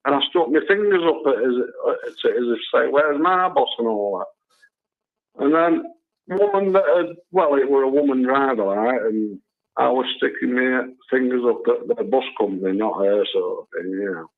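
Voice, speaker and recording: A man's voice: medium pitch, animated, normal speed. A man calling in to a talk show, telling a rambling story full of "you know" and "and all that". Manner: chatty, lots of filler tags like "you know" and "and all that". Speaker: phone-in caller. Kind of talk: rambling anecdote on a call-in show. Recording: tinny phone line.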